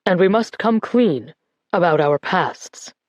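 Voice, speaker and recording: A woman voicing a grieving man who gives a slow, measured eulogy at a church funeral. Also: on the low side, lively intonation, a little mellow, no room sound. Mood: solemn, reflective. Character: grieving grandson giving a church eulogy, male adult.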